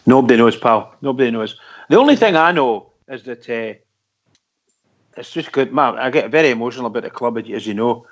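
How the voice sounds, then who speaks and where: Earnest Scottish caller on a phone-in. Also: male voice, mid-range voice, expressive, brisk. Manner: earnest, repeats himself, says wee and pal. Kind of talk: casual radio phone-in chat. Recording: lo-fi phone-in audio.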